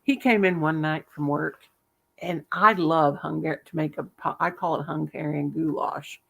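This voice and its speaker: A woman's voice: deep voice, steady tone, normal speed, creaky, a bit bright, husky, highs cut off. An older woman vlogger, chatty and salty, telling home stories with frequent laughter. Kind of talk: casual chat, storytelling.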